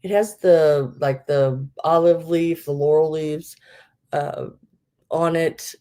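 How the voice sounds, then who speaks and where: A woman's voice: sits low, steady tone, takes it slowly, dark tone. A middle-aged woman hosting a live vintage sale, chatting casually with many fillers and laughing at herself. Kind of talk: casual live-stream selling.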